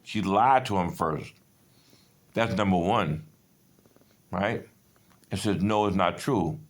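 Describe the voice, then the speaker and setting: A man's voice: low voice, slow. Agitated, profane man in his fifties. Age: 50s. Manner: agitated, profane, digressive storytelling. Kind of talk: rambling personal monologue.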